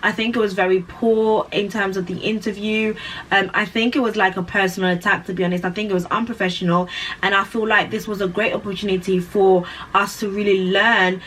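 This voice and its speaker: A woman vlogger giving her opinion in an animated way, with lots of "like" and rhetorical questions. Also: medium pitch, fairly quick, far from the mic, a little hiss or hum, rough recording. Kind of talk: opinion commentary.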